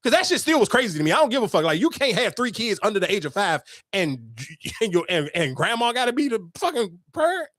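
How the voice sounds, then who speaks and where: A young adult man hosting a podcast, telling a story in animated, profane casual chat with sudden outbursts. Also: high-pitched, fast, few pauses, no echo, clean studio sound. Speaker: podcast host.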